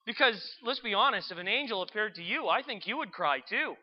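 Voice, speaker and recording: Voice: medium pitch, lively intonation, brisk, few pauses. Earnest storyteller on a muffled recording. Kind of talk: Christian story narration.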